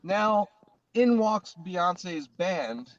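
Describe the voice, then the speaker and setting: A man's voice: high voice, animated, drawn-out words, muffled recording. A middle-aged man, a guest drummer, telling stories in casual chat, acting out people's voices and swearing freely over a video call.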